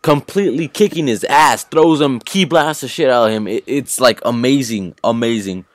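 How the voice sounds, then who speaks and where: A man hosting a reaction channel, giving an excited, profane recap of an anime episode and repeating his exclamations. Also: mid-range voice, moderate pace, no room sound. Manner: hyped, swears often, repeats exclamations.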